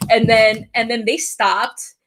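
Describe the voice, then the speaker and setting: A woman's voice: on the high side, little pitch movement, slow, a bit bright, slight background noise. A young woman hosting a live tarot stream, chatting casually, laughing often and swearing now and then.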